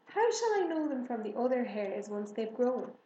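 A woman's voice: a little high, very animated, moderate pace, mellow, echoey room, lo-fi sound. A woman playing an earnest young farm girl.

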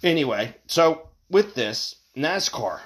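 A man's voice: a little high, big pitch swings, slow. A man hosting his own show, ranting in a casual, heated way, swearing often and stammering over repeated words. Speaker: podcast host. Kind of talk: casual opinion rant.

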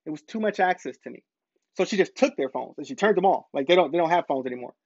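A man's voice: a little high, animated, quick pace, a little mellow, no echo, muffled recording. A man telling a personal story to camera in a casual monologue, stressing points by repeating them. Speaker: parent vlogger.

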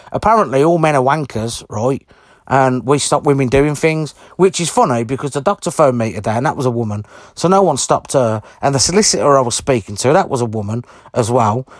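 In clean studio audio with no echo, a fairly high-pitched man rants angrily to camera. His monologue is blunt, indignant, and packed with swearing.

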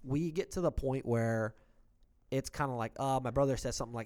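Casual male storyteller, lively and profane, mimics the people in his story. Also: mid-range voice, a little fast, clear, resonant tone. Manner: animated, swearing, acts out quotes of others.

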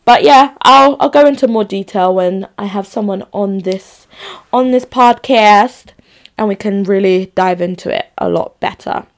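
A woman's voice: mid-range voice, a little slow. A woman hosting a solo podcast, chatting casually, laughing often and getting fired up in her opinions. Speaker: podcast host.

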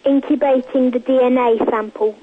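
A woman's voice: high voice, steady tone, normal speed, background noise. Terse woman on a tinny phone line. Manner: terse short answers. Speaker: radio reporter on a school visit.

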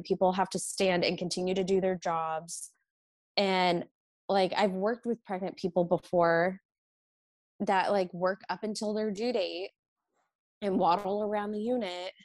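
A woman's voice: mid-range voice, steady tone, normal speed, a little mellow, no echo. A pregnant woman who works as a nurse, chatting casually and acting out her patients' requests as she tells her stories. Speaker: registered nurse guest. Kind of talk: casual chat.

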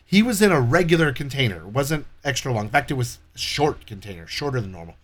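A man telling a story in casual chat, animated and profane, acting out the people in it. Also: mid-range voice, fast talker. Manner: profane, animated retelling with quoted dialogue.

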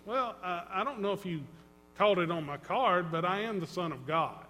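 High, bright-voiced man preaching in a hall. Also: lively intonation, normal speed, slight background noise. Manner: dramatic, swings between loud and hushed, acts out quotes. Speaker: pastor. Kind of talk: sermon. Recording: long reverb in a hall.

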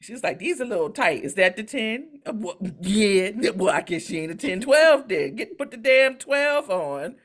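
A woman co-hosting a podcast, telling a story in a profane, animated, casual way. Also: mid-range voice, normal speed, hardly any pauses. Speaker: podcast co-host. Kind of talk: casual chat.

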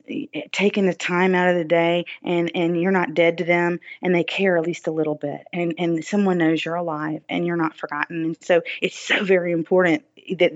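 A woman guest on a podcast interview, telling a personal story in an earnest, reflective way, often saying "you know". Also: fairly low pitch. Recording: dull lo-fi dry recording.

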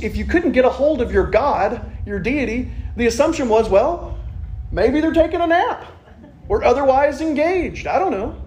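Man with a high voice, preacher, chatty humorous sermon, echoey church room. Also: a little mellow, a little hiss or hum. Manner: conversational and joking, with wry asides. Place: church sanctuary.

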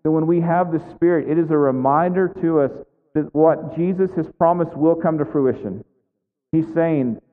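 A man's voice: on the high side, moderate pace. A male pastor preaching a sermon in a conversational way, often checking in with "right?". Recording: tinny phone-like sound with long hall reverb.

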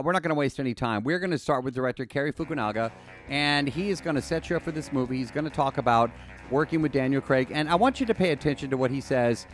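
A man hosting a podcast in casual chat, excitable, chatty and playful. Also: mid-range voice. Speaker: podcast host.

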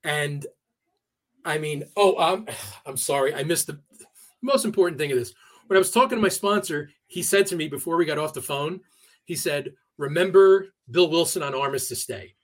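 A man being interviewed on a podcast, telling a personal story in a casual, halting way with many fillers and restarts. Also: fairly high pitch. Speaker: podcast guest. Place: New York area.

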